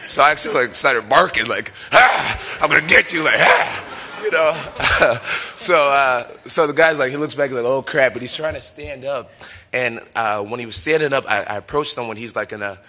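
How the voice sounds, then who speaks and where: A professional fighter in his twenties tells a story with plenty of animation, laughing easily and acting out what others said. His voice is bright and clear, medium in pitch, at a normal speed.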